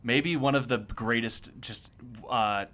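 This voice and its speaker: Deadpan man explaining things. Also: medium pitch, slow. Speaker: podcast co-host. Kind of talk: casual chat.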